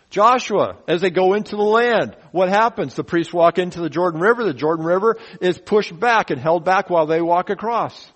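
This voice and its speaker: Bible teacher, male, voice sits a bit high, animated and folksy, asks questions, makes sound effects. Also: a little fast, hardly any pauses, rough recording. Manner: folksy asides and humor.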